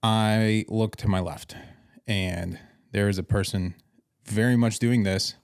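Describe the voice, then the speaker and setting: A man's voice: fairly low pitch, fairly even intonation, takes it slowly, vocal fry, clean tone, no room sound, studio quality. A man hosting a casual podcast, telling paramedic stories and acting out the dialogue with swearing. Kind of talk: casual storytelling chat.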